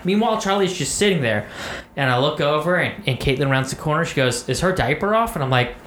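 A man's voice: fairly high pitch, fast talker, fairly bright tone. A man co-hosting a podcast, telling a long story in a casual, rambling, profane way, full of fillers. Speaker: podcast co-host. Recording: echoey room with faint noise.

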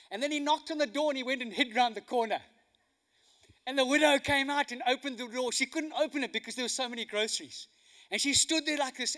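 Male preacher, very high and forceful voice, animated storytelling sermon. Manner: animated storytelling, swings from hushed to loud.

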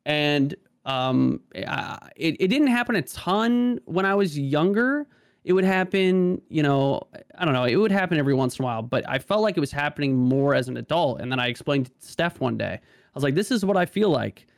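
A man's voice: on the high side, animated, normal speed, clean tone, no echo, clean studio sound. A man talking casually as a podcast guest, stammering and restarting often, with many "like" fillers. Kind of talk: casual conversation.

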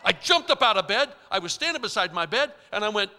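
High bright-voiced guy preaching, goes soft then loud, big echoey hall. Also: sing-song, fast, hardly any pauses. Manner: emphatic, dramatic shifts in loudness. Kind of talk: storytelling sermon. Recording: long reverb of a large hall.

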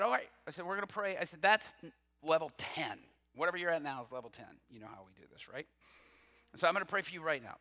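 A man preaching a sermon, telling a story with quoted dialogue and swinging from loud to hushed. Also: sits high, brisk, long reverb tail.

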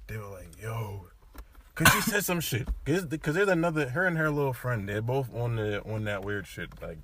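A young man casually telling a story among friends, animated and full of slang, acting out what others said. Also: mid-range voice, moderate pace, noisy background.

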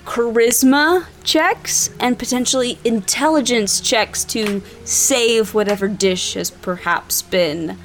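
A woman's voice: on the high side, slow pace, few pauses, faint music behind. A woman narrating a tabletop game as game master, chatty and hesitant, with many fillers.

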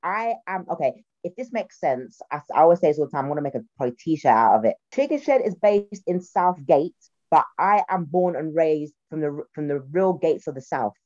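Young South London woman, comedian, low and mellow voice, chatty and animated, dry dull video-call sound. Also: brisk, hardly any pauses, dry recording. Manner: chatty, animated, laughs often, slips into mocking voices. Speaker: guest, comedian. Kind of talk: casual interview chat.

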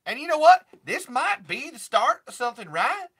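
A man's voice: extremely high pitch, very animated, moderate pace, fairly bright tone, husky, voice pushed up, exaggerated voice. A man putting on a tough country-singer woman, a hard-working single mom, with a twangy, sassy and bossy way of talking. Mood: flirty.

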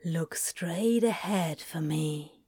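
A sly, teasing man murmurs in a gravelly hush that barely rises above a whisper, as a woman reads him, a flirtatious optician taking his time. His words come slow and soft. The sound is dry and close. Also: on the low side, no room sound, voice pushed down. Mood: low teasing. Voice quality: gravelly, hushed near-whisper.

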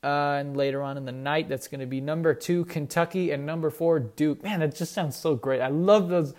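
A man's voice: on the high side, a little fast, darkish tone. A young man hosting a casual sports show, rambling and correcting himself as he talks enthusiastically about college teams. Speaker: sports podcast host.

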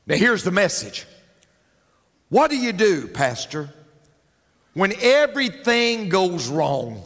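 A man's voice: sits high, sing-song, slow pace, long pauses, fairly bright tone. A male pastor preaching a sermon emphatically, repeating key lines for effect, in a large church. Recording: reverberant church hall.

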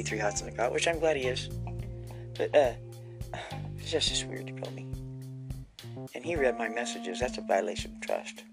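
A man's voice: medium pitch, creaky. Rambling, jumpy man vlogging over music. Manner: scattered, jumpy, restarts often, folksy "y'all". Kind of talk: rambling casual monologue to viewers.

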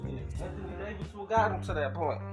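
A man's voice: high-pitched, brisk, faint music behind. A man, the host's husband, chatting bluntly and laid-back as a guest, cursing freely. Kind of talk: casual chat.

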